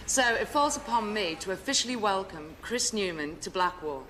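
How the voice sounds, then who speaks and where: An actress playing a stern temporary station officer, speaking in brisk, commanding tones. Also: female voice, medium pitch, lively intonation, bright, forceful tone, long reverb tail, slight background noise, poor audio.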